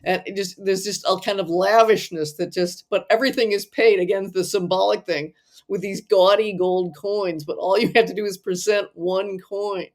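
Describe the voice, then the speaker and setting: A woman's voice: medium pitch, fairly even intonation, normal speed. A woman co-hosting a casual podcast, talking about movies with plenty of enthusiasm. She laughs often and leans on "you know" and other fillers as she goes. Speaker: podcast co-host. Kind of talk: casual film discussion.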